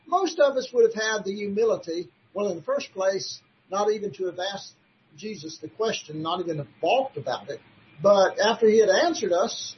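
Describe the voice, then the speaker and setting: High-voiced man preaching a Bible lesson. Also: sing-song, unhurried, slightly rough, lo-fi sound. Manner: emphatic, with rhetorical questions. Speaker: preacher teaching a Bible class. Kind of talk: sermon-style Bible study.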